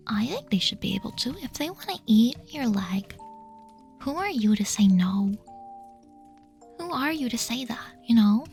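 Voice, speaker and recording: A high-voiced woman streamer talking in a close-miked ASMR whisper, playful and doting as she answers her chat. Her tone has a gravelly fry at the edges, with faint music beneath. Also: expressive, normal speed. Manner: soft, doting and playful, reading chat questions aloud. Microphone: very close to the mic.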